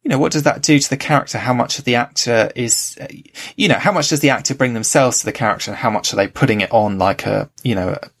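Gravelly-voiced man musing in conversation. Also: mid-range voice, quick pace, a bit bright. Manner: thoughtful, hedging with many fillers. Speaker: podcast co-host. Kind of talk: casual discussion.

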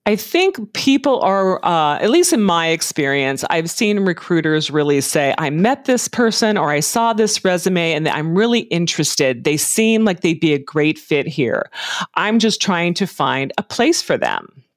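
A woman answering interview questions about job hunting in a measured, advising way, with frequent ums and uhs. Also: on the low side, very animated, no echo, studio quality. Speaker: career and hiring advice guest.

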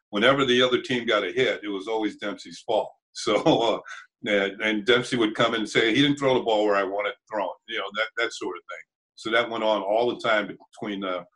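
An older man with a fairly low voice, telling stories at an easy pace. He chuckles often, restarts his sentences and acts out the quotes in his tales. The delivery is relaxed and conversational, as a guest on an interview show. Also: rough recording. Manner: chuckling, halting anecdotes with restarts and acted-out quotes. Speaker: interview guest, former ballplayer.

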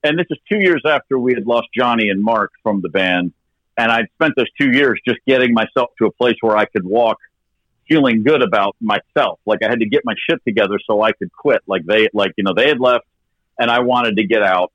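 A man's voice: on the low side, a little fast, fairly bright tone, no room sound, muffled recording. A man in his fifties, a rock drummer guesting on an interview, telling a story animatedly and swearing casually. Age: 50s.

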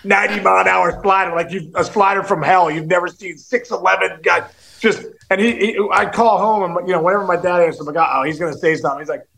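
A man's voice: high voice, steady tone, quick pace, gravelly, a bit bright. A man who played pro baseball, co-hosting a sports podcast with emphatic, joking banter. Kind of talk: casual sports chat.

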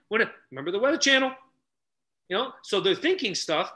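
A middle-aged man telling stories loudly on a podcast, acting out each character's lines as a relationship coach. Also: sits high, a little fast. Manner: animated, loud, acts out dialogue. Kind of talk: energetic storytelling in casual chat.

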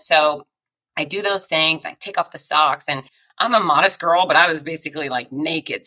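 A woman with a low-pitched voice tells her story as a podcast guest. Her delivery is forceful and bright, and she acts out quoted voices and sound effects. She laughs often along the way. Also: rough recording. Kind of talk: personal storytelling in conversation.

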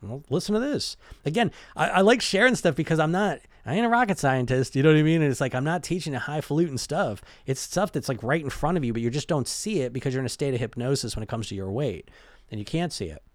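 A man's voice: a little high, expressive, quick pace, no room sound, studio quality. A man giving a casual motivational talk as a weight-loss coach, conversational, restarting and repeating words as he goes. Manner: conversational, keeps asking "right?" and "you know?".

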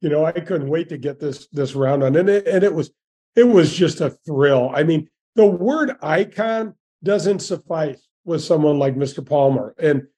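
A former pro golfer in his sixties tells stories as an interview guest, folksy and enthusiastic, with plenty of restarts. His voice runs on the high side, husky and warm, with lively intonation at a moderate pace.

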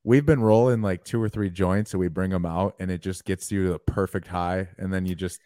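Chill low voice guy rambling a story, lots of likes, dry close sound. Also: steady tone, fairly quick, dark tone, dry recording. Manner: rambling, laid-back, many "like"s. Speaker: podcast co-host. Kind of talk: casual storytelling.

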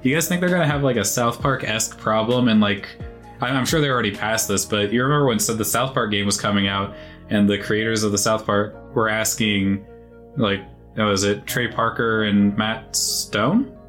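A man with a somewhat low voice talks through his points earnestly on a gaming podcast, meandering with fillers. Faint music sits underneath. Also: moderate pace, fairly bright tone. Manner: earnest, thoughtful, rambling with fillers. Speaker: podcast co-host. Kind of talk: casual chat.

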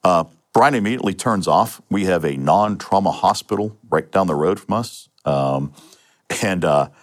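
A middle-aged man from Pennsylvania speaks in a notably low voice as an interview guest. He recounts his own experience in a matter-of-fact way. He often restarts his phrases and fills pauses with "um" and "uh". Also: lively intonation. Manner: matter-of-fact storytelling with frequent restarts and fillers. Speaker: interview guest, retired police sergeant. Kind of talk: telling a personal story in a podcast interview.

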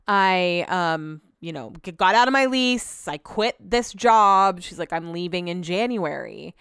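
A woman talks through a personal story on her solo podcast, rambling and emotional as she quotes both sides of a conversation. Her voice is smooth and clear, recorded close and dry with no room sound. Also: mid-range voice, a bit bright, no room sound. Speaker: podcast host.

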